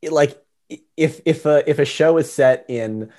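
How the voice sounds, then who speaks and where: A man's voice: on the high side, moderate pace, darkish tone. A young man hosting a podcast, chatting casually with many fillers and restarts. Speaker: podcast host. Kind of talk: casual chat.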